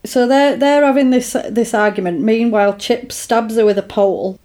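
A woman in casual chat, animatedly retelling a film's plot and putting on quick voices for the characters. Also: a little high, darkish tone. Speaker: podcast co-host recapping a film.

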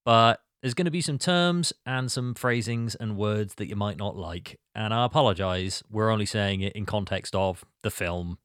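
A man hosting a casual podcast chat about a film, talking in an animated, rambling way. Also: fairly low pitch, normal speed, hardly any pauses, no echo, studio quality. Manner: animated, rambling, acts out quotes. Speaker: podcast host.

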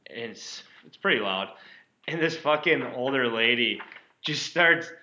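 A man's voice: medium pitch, unhurried, reverberant. A man co-hosting a casual podcast chat, swearing freely and telling stories with energy. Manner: swears freely, animated storytelling. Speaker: podcast co-host. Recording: slightly dull lo-fi audio.

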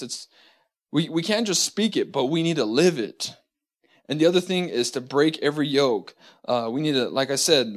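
Halting man teaching a church lesson. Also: a little high. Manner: halting, many fillers and restarts; slow deliberate scripture reading.

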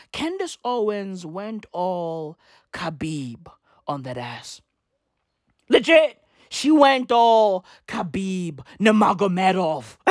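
Woman, comic rant, profane and slangy, rambling, very lively pitch, dry close sound. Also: no echo.

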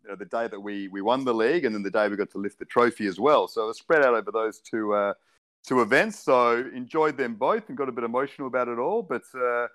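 A man, a sports broadcaster guesting on a casual podcast, speaking in a relaxed, articulate and measured way. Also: medium pitch. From born in South Africa, raised in Perth.

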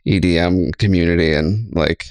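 A man's voice: deep voice, normal speed, a little mellow, clear, resonant tone, no echo. A man co-hosting a podcast in casual chat, playful and joking, with lots of "like" fillers. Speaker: podcast co-host.

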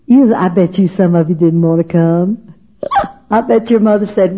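Woman, middle-aged, funny animated storyteller on a lo-fi tape. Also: fairly low pitch, a little slow, heavy background noise. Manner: animated, laughing, acts out voices. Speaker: speaker at a women's gathering. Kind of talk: humorous storytelling talk to an audience. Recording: dull lo-fi recording.

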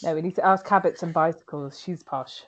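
A woman's voice: fairly low pitch, a little fast, muffled recording. A woman co-hosting a casual comedic chat, recapping a TV episode and acting out its characters. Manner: animated storytelling, acting out characters. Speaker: podcast co-host recapping a TV episode.

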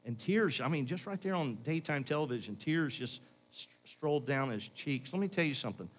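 A man's voice: on the high side, animated, brisk. A male pastor preaching a sermon in church, building to pleading questions.

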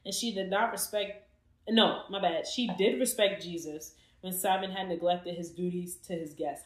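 A woman's voice: lowish voice, moderate pace. A woman hosting a casual Bible study chat, retelling the story with jokes and slang. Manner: animated, joking, retells scripture in slang. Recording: roomy echo.

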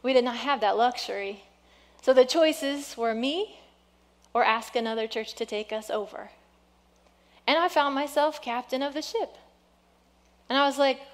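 A woman pastor preaching a sermon in a church, earnest and exhorting, often dropping to a soft hush. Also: high voice, normal speed, pauses often. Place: church sanctuary.

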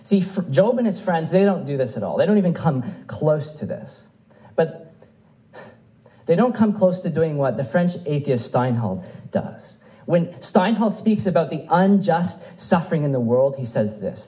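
A man's voice: fairly high pitch, expressive, normal speed, dark tone, low-quality recording. A man preaching a sermon in a church, earnestly reading scripture aloud with rising and falling emphasis. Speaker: pastor.

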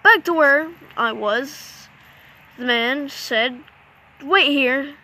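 A woman telling a jokey made-up adventure story, animated and self-mocking, with mouth sound effects. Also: high voice, takes it slowly, slight background noise. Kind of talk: playful comic storytelling.

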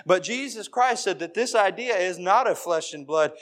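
A man's voice: high voice, expressive, moderate pace, fairly bright tone. A man preaching an evening sermon, building points through emphatic repeated phrases. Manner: emphatic, repetitive preaching cadence.

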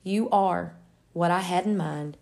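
A woman reading the lines of a patient male potter who calmly explains himself. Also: on the low side, unhurried, gravelly. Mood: reassuring. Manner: steady, explaining gently.

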